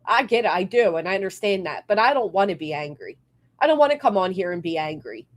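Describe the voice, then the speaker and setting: A woman's voice: lowish voice, big pitch swings, fast. A woman livestreamer ranting bluntly with plenty of swearing, between thanking her members. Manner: blunt, profane, fired-up. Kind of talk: live stream rant and member shout-outs.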